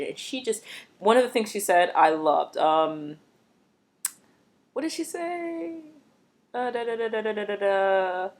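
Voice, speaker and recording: A woman vlogger giving a casual, expressive recap of a TV episode, chatty and blunt. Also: medium pitch.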